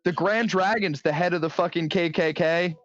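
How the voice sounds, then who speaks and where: A man's voice: sits high, moderate pace, a bit bright, lo-fi sound. A young man co-hosting a podcast, loose and joking, swearing as he tells stories. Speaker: podcast co-host. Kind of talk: casual podcast banter.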